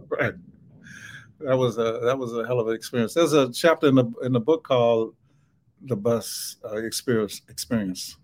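Man, Southern US accent, author guest, relaxed, mumbling, laughing. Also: mid-range voice, moderate pace, long pauses. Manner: relaxed, mumbles some words, laughs often. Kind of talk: podcast interview.

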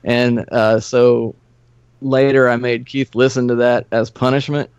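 A middle-aged man, a podcast guest, telling old band stories in a relaxed, profane, laughing way. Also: medium pitch, measured pace, clean tone, no room sound. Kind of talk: casual storytelling. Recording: slightly muffled dry studio recording.

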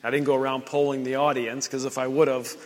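A man pastor delivers a midweek sermon, retelling scripture with animated, conversational storytelling. He jumps into the characters' lines with playful emphasis. His voice carries a long reverb from a church hall. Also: mid-range voice, quick pace. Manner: animated storytelling, acting out Bible dialogue with lively voices. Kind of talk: sermon at a midweek prayer service.

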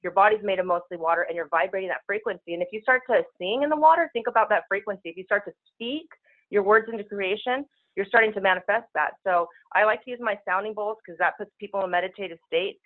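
A woman speaking as a spiritual healer guest, talking very fast in casual, rushing speech over a telephone call-in. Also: medium pitch. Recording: tinny phone line.

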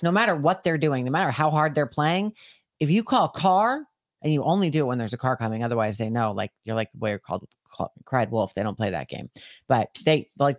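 A woman co-hosting a podcast who tells stories in a loose, animated way and swears freely. She raises her voice when she acts out the scene. The recording is dry and close. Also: low-pitched, no echo. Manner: animated storytelling, heavy swearing, shouts when acting out scenes. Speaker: podcast co-host. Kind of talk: casual chat.

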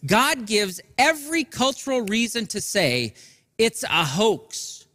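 A middle-aged man, a pastor, preaching an Easter sermon with earnest emphasis that drops soft and low in quiet passages. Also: no echo, clean studio sound, long reverb tail. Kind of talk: Easter sermon streamed to people at home.

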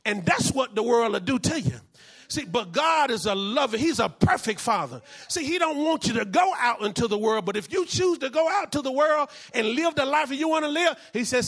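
Male pastor, high bright voice, call-and-response preaching. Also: expressive, normal speed, husky. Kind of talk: sermon.

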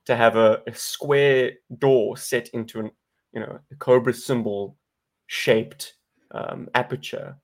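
South african guy cohosting a toy podcast, chatty and wordy, average pitch. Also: takes it slowly. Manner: wordy, animated, playful. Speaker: podcast co-host. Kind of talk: casual chat.

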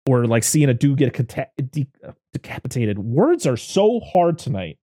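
A man's voice: medium pitch, big pitch swings, normal speed, dark tone, no echo, studio quality. A man hosting a podcast, chatting casually about a film, rambling and laughing often. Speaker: podcast host. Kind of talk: casual film review chat.

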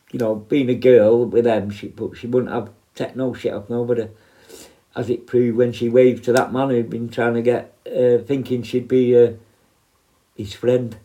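A man's voice: mid-range voice, a little mellow. A man, a former prison officer, telling stories casually with many fillers and asides. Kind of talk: casual storytelling.

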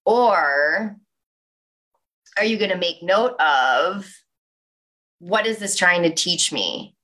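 Speaking slowly, a young woman with a somewhat low voice gives a motivational talk. Her delivery is lively and narrative, filled with casual uses of "like."

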